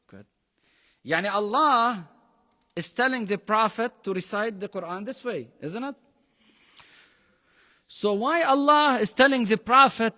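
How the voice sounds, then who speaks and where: His voice sits high, pushed and bright, as he teaches a Quran lesson slowly and expressively, pausing often in a big-sounding room. The emphatic, Arabic-speaking teacher quizzes the class again and again and slips phrases into his English.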